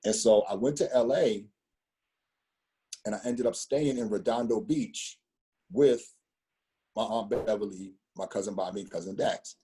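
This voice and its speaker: Middle-aged storyteller, fifties, husky and dark-toned, loose rambling delivery full of slang and restarts. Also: male voice, lowish voice, unhurried, long pauses. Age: 50s. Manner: rambling, repeats words, street slang. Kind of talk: casual storytelling conversation.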